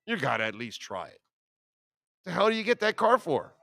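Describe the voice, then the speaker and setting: Man in his fifties, sports radio host, slightly high voice, brash and profane, dry studio sound. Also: big pitch swings, moderate pace, creaky, pushed and bright, no room sound. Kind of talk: casual talk radio.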